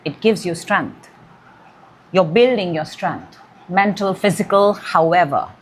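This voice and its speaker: A woman's voice: on the low side, a little slow, slight background noise. Musing woman reading tarot cards. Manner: intuitive, musing, stretches key words. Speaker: tarot reader.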